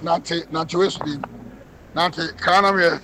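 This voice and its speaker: A man leads a healing service in a high, fervent voice. He commands and prays, with call-and-response lines. Light noise sits behind him. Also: steady tone, unhurried, bright, forceful tone, low-quality recording. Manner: fervent, commanding, leads repeat-after-me prayers. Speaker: prophet leading a healing service. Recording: background noise.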